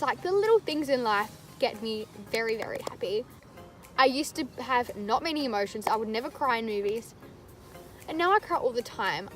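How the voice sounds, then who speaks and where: A young woman, chatting candidly to camera in a rambling vlog. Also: a little high. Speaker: vlogger. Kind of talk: casual chat to camera.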